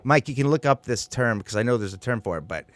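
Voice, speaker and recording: A man's voice: mid-range voice, expressive, fast, no echo. A man in his forties, a comedy podcast co-host, telling profane stories in casual chat. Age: 40s. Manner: profane, storytelling, shouts impressions.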